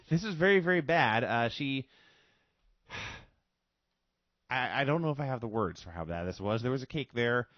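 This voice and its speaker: A man's voice: mid-range voice, lively intonation, measured pace, long pauses, a bit bright, no room sound. A man co-hosting a wrestling review podcast, giving dry, short reactions. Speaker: podcast co-host. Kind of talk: casual review chat. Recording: dry, dull lo-fi audio.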